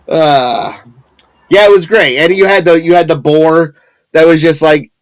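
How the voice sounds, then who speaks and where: Man in his thirties, slightly high voice, ranting and swearing on a podcast. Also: steady tone, a little slow. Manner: ranting, profane, laughs often. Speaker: podcast co-host. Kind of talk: casual podcast chat.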